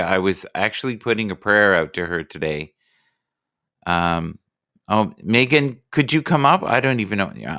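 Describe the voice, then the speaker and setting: A man's voice: lowish voice, sharp tone, clean tone, no echo. A man hosting a casual live stream, joking and rambling playfully with his guests.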